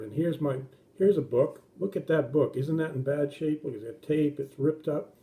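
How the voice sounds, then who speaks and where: A middle-aged man giving a children's sermon, explaining things simply and gently and acting out the voices in his story. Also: on the high side, moderate pace, few pauses. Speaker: children's pastor.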